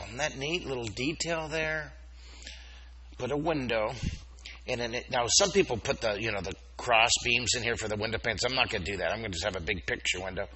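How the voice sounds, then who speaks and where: Animated man teaching kids to draw. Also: mid-range voice, dull audio. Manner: animated and playful, coaxing kids to repeat words. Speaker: drawing teacher. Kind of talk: live school assembly drawing lesson. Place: school hall with children.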